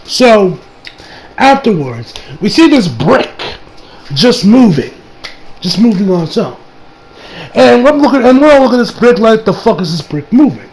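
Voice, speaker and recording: A man's voice: extremely high pitch, sing-song, measured pace, pauses often, darkish tone, poor audio. A man giving a casual episode recap as an anime reviewer, rambling, laughing and swearing as he goes.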